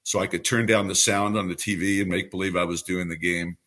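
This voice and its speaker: This guest is a New York City–born baseball radio broadcaster in his 70s, speaking briskly. He has a lowish, bright, clear play-by-play voice with a mostly trained-away New York accent, and he tells his interview story in a relaxed, anecdotal way with a polished announcer's delivery.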